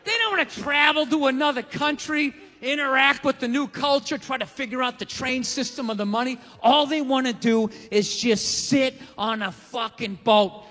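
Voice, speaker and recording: A man's voice: extremely high pitch, moderate pace, few pauses, bright, forceful tone. Scornful male stand-up comic in a hall. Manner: scornful, emphatic, swearing. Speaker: stand-up comedian. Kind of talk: stand-up comedy routine. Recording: live theater with long reverb and audience.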